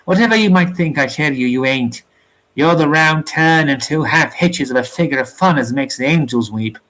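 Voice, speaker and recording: A man reading aloud, voicing a quarrelsome, boastful sailor who hurls colorful insults in rough sailor's slang. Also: fairly high pitch, expressive, moderate pace, fairly bright tone, low-quality recording. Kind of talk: storybook reading.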